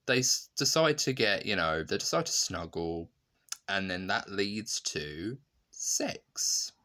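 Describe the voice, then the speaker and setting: A man with a low, sharp-toned voice gives a casual, chatty review of a TV sitcom. He retells scenes with lots of fillers and laughter.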